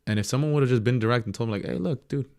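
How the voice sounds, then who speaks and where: A young man, a professional goalkeeper, telling stories in a casual interview, reflective and lively when he acts out what others said. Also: mid-range voice, racing, clear, resonant tone, dry recording, clean studio sound.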